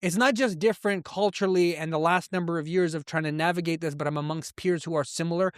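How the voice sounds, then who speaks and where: A man who grew up in Canada as an immigrant, telling a personal story in an interview, acting out the voices of the people in it with big leaps in pitch. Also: fairly even intonation, quick pace, clear, resonant tone, no echo, studio quality. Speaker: guest, entrepreneur.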